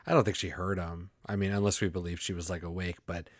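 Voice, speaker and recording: A man co-hosting a casual podcast, reasoning aloud in a measured way. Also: deep voice, little pitch movement, dry recording, clean studio sound. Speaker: podcast co-host. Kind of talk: casual chat analyzing a TV episode.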